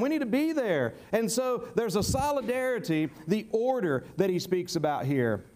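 High-voiced man preaching with emphasis. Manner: folksy, emphatic, repeats words when starting. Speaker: pastor. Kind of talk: sermon.

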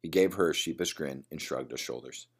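Very deep-voiced male audiobook narrator. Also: a little fast, slightly rough.

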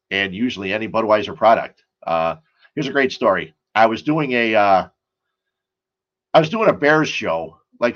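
A man's voice: lowish voice, a bit bright, muffled recording. A man hosting a casual sports and beer talk show, rambling and chatty, full of asides and stories.

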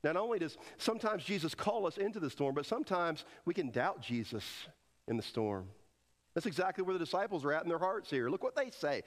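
A man's voice: high-pitched, long reverb tail. A man preaching a sermon as pastor, driving his points home with emphatic rhetorical questions.

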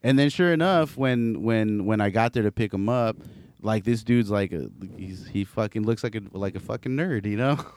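A man's voice: lowish voice, moderate pace, darkish tone. A man co-hosting a podcast, telling a long profane story in casual chat and acting out what people said. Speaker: podcast co-host.

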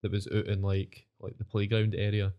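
A man's voice: on the low side, monotone, moderate pace, smooth, highs cut off. A Scottish man co-hosting a podcast, chatting casually with dry, brief reactions. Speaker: podcast co-host. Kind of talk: casual chat.

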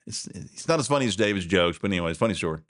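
Rambling, chuckling talk radio host. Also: male voice, low voice, lively intonation, rapid-fire, fairly bright tone, no room sound, studio quality. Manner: rambling, chuckling, folksy asides. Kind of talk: casual talk radio monologue. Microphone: studio mic.

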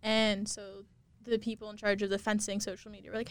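A woman's voice: mid-range voice, flat delivery, fast talker, no echo. A young woman guest in a casual podcast interview, telling stories chattily with constant fillers, in a campus studio. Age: young adult.

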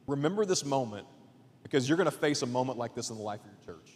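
A man preaching a sermon as a guest pastor in a church, casual and chatty, swinging between loud emphatic points and hushed asides. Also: mid-range voice, expressive, fast, big-room sound. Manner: casual, chatty with fillers and jokes. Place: church auditorium.

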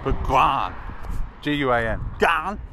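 A young Australian video creator rates player names in casual, rambling commentary, sounding the names out and making self-mocking asides with a laugh. His middle-pitched voice is lively but slow, and he's outdoors in a built-up area with clear traffic noise behind him.

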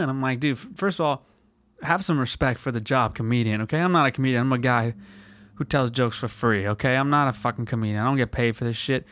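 A Californian man in his twenties hosts a podcast as a rambling, profane solo rant, saying "dude" constantly. His mid-range voice is a bit bright and fast, recorded with no room sound.

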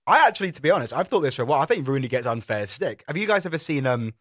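A man's voice: on the high side, big pitch swings, very fast, a bit bright, dry recording, studio quality. A man with a British accent, co-hosting a review podcast, chatting casually with British slang. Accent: British English. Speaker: podcast co-host. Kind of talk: casual chat.

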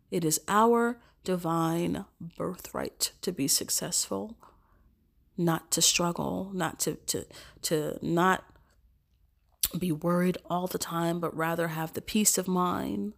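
A woman with a stuffed-up cold, hosting a podcast, speaking an earnest evening prayer and then chatting casually, repeating phrases and sometimes dropping to soft whispers. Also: on the low side, takes it slowly, gravelly. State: congested from a cold. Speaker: podcast host.

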